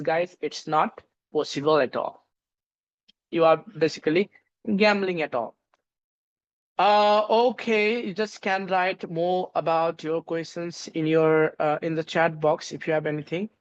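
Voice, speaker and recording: Nepali-accented English teacher drilling vowel sounds. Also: male voice, sits high. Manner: drills sounds by repeating them, many fillers. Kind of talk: live online class. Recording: dull lo-fi audio.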